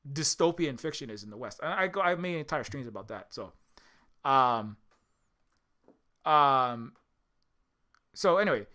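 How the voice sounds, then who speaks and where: Impassioned man with a bright, forceful voice. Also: a little high. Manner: impassioned, profane, many restarts. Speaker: indie game developer and streamer. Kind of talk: casual monologue.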